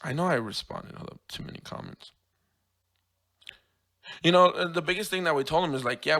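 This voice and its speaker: Man, hoarse voice, solo podcast host, casual rambling chat, self-correcting, mid pitch. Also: a bit bright. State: hoarse, lost his voice.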